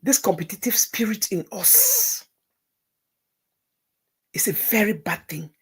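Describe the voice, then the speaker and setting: A middle-aged woman, hosting a livestream and telling a personal story, moving between hushed near-whispers and tearful outbursts. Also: medium pitch, huge pitch swings, slow. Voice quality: gravelly, very husky voice. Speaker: livestream host.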